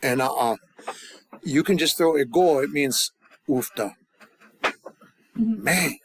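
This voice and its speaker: Man teaching grammar with halting restarts. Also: mid-range voice, no echo. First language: English. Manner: halting, many restarts and fillers, joking asides. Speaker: language teacher. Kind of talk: casual grammar lesson.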